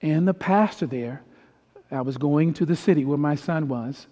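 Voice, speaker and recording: A middle-aged man preaching a storytelling sermon as a pastor, swinging from hushed tones to loud peaks. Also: on the high side, moderate pace. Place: large church hall. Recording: long hall reverb with faint piano. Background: soft piano.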